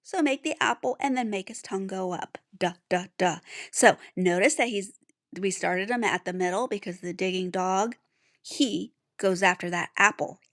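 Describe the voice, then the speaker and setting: A woman teaching young children to write letters, patient and sounding out each letter slowly. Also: medium pitch, fairly bright tone, no room sound, clean studio sound. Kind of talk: handwriting lesson for young children.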